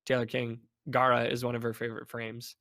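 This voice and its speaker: A man chatting casually as a guest on a podcast, animated and playful, slipping into mock voices. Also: medium pitch, fairly quick. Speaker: guest, game developer.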